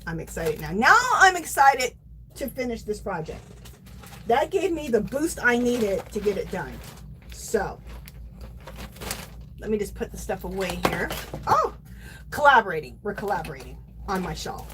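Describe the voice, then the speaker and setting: A woman's voice: mid-range voice, big pitch swings, normal speed, pauses often, fairly bright tone, a little hiss or hum, poor audio. A middle-aged woman hosting a yarn craft livestream, gushing and chatting casually to her viewers.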